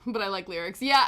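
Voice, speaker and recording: A woman's voice: sits high, fairly bright tone. A woman hosting a live stream, chatting casually with her viewers while she knits, rambling and laughing often. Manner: chatty and rambling, answering chat with frequent laughs.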